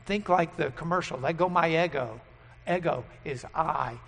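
A man preaching a sermon and teaching at a board, emphatic and loud on key words. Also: fairly high pitch, moderate pace, creaky, slightly rough, in a large hall.

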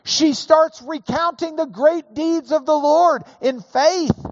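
A man preaching a sermon, slow and emphatic, building to raised emphasis on key points. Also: very high voice, dry recording, muffled recording. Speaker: pastor.

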